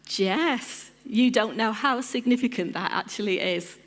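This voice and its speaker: A woman gives an informal sermon to her church congregation. She is chatty and playful and calls on people by name, and her voice sits fairly high. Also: measured pace. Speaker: church lead team member, preacher. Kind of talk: informal sermon with audience interaction.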